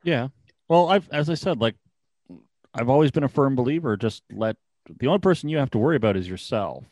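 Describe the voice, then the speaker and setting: A man's voice: mid-range voice, expressive, a little fast, a little mellow, no echo. A man in his forties chats casually, drifting through long stories and laughing at himself. His voice sits in an ordinary middle range. It is recorded close and dry. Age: 40s. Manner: rambling anecdotes, laughs often. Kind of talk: casual chat, storytelling.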